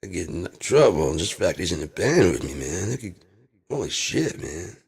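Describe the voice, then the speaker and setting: A man delivering a rambling comedic monologue in laid-back rocker slang, drawling and swinging from loud bursts to mumbles. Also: deep voice, very animated, moderate pace, vocal fry, husky.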